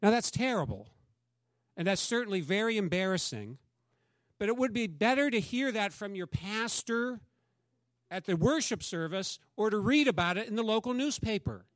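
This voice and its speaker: A man's voice: high-pitched, expressive, moderate pace, no echo, clean studio sound. A man, a pastor, preaching a conversational sermon and acting out quoted dialogue.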